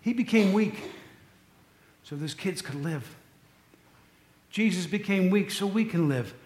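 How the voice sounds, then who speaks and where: A man's voice: sits high, expressive, unhurried, a little mellow, reverberant. A man preaching a sermon, telling stories in a loose, conversational way with asides to the congregation. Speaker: pastor.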